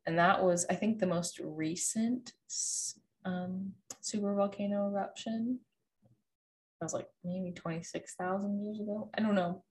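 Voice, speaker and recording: A woman's voice: mid-range voice, measured pace, a little mellow. A woman in her twenties hosting a podcast, casually presenting her thesis and quizzing her family, with many fillers. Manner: chatty, hedging with fillers like "like" and "um".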